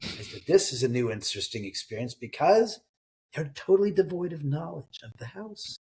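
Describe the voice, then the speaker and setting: A middle-aged man, an author and homeowner, telling animated stories in an interview and acting out what people said. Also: on the high side, normal speed, breathy edge. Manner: lively anecdotal storyteller, acts out dialogue.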